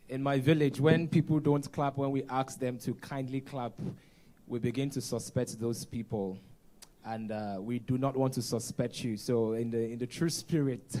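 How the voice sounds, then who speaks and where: A man's voice: medium pitch, warm tone. A man hosting a conference on stage, joking with the audience. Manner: playful, jokes with the audience. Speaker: conference host. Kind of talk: live event hosting.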